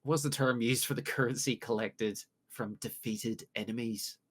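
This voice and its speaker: A man from the UK runs a light-hearted podcast quiz. His voice sits at an ordinary middle pitch, and he reads out each option slowly with playful pauses. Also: steady tone, a bit bright. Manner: jokey, reads questions with drawn-out pauses. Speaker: quiz host. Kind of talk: casual podcast quiz hosting.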